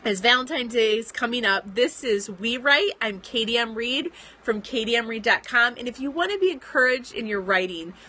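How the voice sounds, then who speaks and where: A woman's voice: fairly high pitch, moderate pace, bright, forceful tone. A woman in her thirties hosting a casual devotional live stream for writers, speaking in an earnest, encouraging and chatty way. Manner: earnest and encouraging, chatty with fillers, gets teary. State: pregnant.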